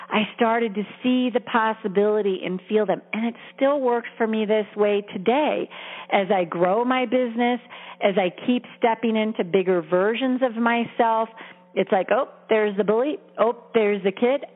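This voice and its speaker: A woman career coach talking in an earnest, encouraging, conversational way, heard over a tinny phone-like line with long reverb. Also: fairly high pitch. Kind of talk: coaching talk.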